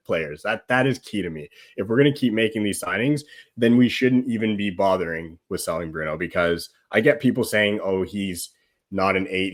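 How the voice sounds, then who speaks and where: A man with a fairly low voice talks as a guest on a football chat show. He rambles in an animated way, leaning on "like", breaking into laughs and acting out other people's voices. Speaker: guest pundit.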